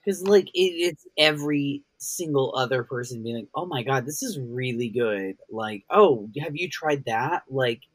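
A podcast co-host in casual chat, animated and swearing, with big reactions. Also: mid-range voice, measured pace, hardly any pauses, husky, dry recording.

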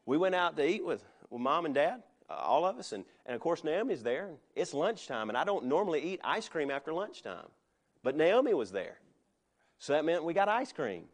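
A man's voice: a little high, very animated, moderate pace. A middle-aged male pastor preaching a sermon in a conversational way, with joking asides.

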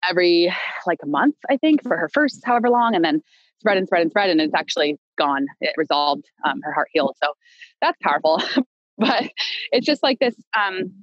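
A young woman with a lowish, breathy voice tells a personal story as a podcast guest, rambling loosely with plenty of fillers, restarts and light laughs. The casual, conversational audio is lo-fi but has no echo.

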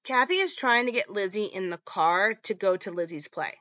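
A woman's voice: mid-range voice, lively intonation, moderate pace, pushed and bright, no room sound, highs cut off. A woman hosting a podcast, recapping a horror film in a casual, chatty way full of "like" and "um". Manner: chatty, lots of "like" and "um". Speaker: podcast host.

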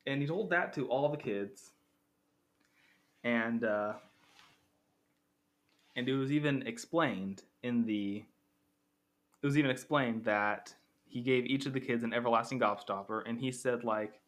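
This young film reviewer speaks at a normal pace with long pauses, his mid-range voice fairly bright. Comparing two movies in casual commentary, he wanders, fixes his own statements and drops in playful jokes.

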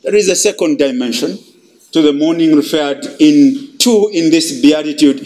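High-voiced preacher, slow and dramatic. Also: male voice, lively intonation. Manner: dramatic, emphatic, swings between loud and hushed. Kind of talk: sermon.

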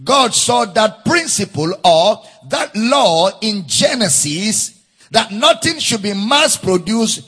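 A male preacher with a Nigerian English accent delivers a slow, deliberate sermon. His voice is high and swoops up and down in a sing-song way, with a slightly husky edge, and he repeats key lines for emphasis. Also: sing-song, bright, forceful tone. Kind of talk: sermon, Bible teaching.

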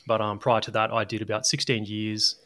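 Bright-voiced Australian man, measured. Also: fairly low pitch, completely flat delivery. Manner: measured, hedging, says "mate". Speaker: guest, former army sniper. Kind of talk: casual podcast interview.

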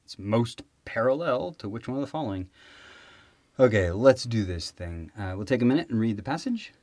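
A man's voice: mid-range voice, expressive, moderate pace, a little mellow, no room sound. Giggling man hosting a podcast. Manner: giggling, joke-telling. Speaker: podcast host. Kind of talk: casual chat and test prep.

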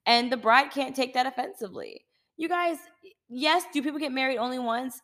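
A woman hosting a podcast in a casual, direct advice monologue. She is emphatic and sassy and drives points home by repeating them. Her voice sits a little above average pitch. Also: brisk, a bit bright. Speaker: podcast host.

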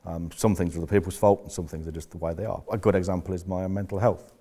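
Blunt, deep-voiced man. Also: fairly even intonation, quick pace, mellow. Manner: blunt, swears freely, rambling anecdotes. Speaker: business coach. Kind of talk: candid coaching talk to members.

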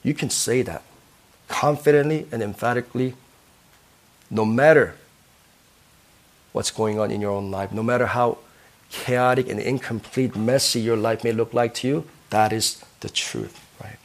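A man's voice: medium pitch, steady tone, a little slow, pauses often. Earnest male pastor preaching. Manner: earnest, asks the listeners questions, often ends with "right?". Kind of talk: sermon.

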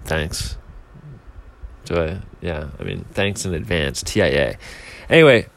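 A man's voice: very deep voice, very animated, measured pace, gravelly, a little hiss or hum. A young man telling a casual, self-mocking story, rambling along with filler words and restarts. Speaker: speaker telling a timed anecdote.

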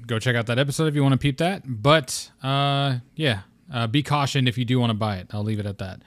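A man's voice: mid-range voice, brisk, no echo. Young dude on his gaming podcast, rambly and chill, cusses here and there, dead dry sound. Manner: rambling, laid-back, swears casually. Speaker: podcast host. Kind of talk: casual solo gaming podcast.

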